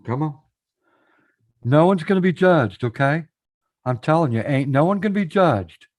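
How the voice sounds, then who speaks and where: A man's voice: fairly high pitch, lively intonation, normal speed, darkish tone. A man hosting a casual live stream panel, encouraging guests to come up and talk, often repeating himself. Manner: encouraging, repeats phrases, addresses chat directly.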